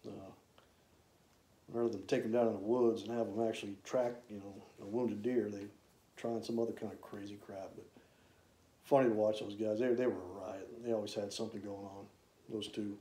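A man, casually telling rambling, folksy stories about his old hunting camps, with drawn-out "uh" fillers. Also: on the low side, little pitch movement, warm tone. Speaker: hunter reminiscing. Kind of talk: casual storytelling. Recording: roomy echo.

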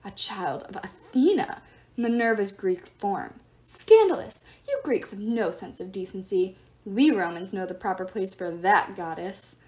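A woman's voice: medium pitch, normal speed, voice pushed down, close to an everyday voice. A woman voicing a fussy, irritable male statue god who shrieks in a prim teacher voice. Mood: indignant. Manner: shrieking, loud outbursts.

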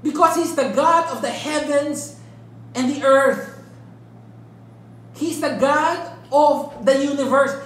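A woman's voice: sits high, takes it slowly, pauses often, slight background noise. A woman leading a Bible study, emphatic and full of rhetorical questions, checking in with "right?". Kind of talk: interactive Bible teaching. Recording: echoey room with faint ambience.

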